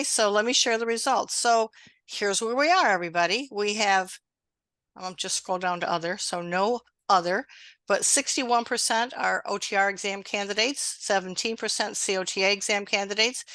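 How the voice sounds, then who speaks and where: This middle-aged woman hosts an online exam-prep session with a bright, ringing voice. She sounds close and dry on a video call, chatting and encouraging her listeners. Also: mid-range voice, normal speed, no room sound. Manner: warm, encouraging, conversational. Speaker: webinar host and exam prep instructor. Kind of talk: live online webinar.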